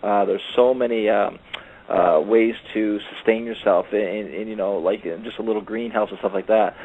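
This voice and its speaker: A man's voice: on the low side, steady tone, moderate pace. Rambling male caller on a phone line. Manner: rambling, loaded with "you know" and "uh". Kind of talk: casual call-in chat. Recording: tinny phone-line audio.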